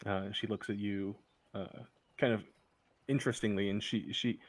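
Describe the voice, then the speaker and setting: A man narrating as game master for a tabletop game, halting with many fillers. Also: lowish voice, steady tone, no room sound.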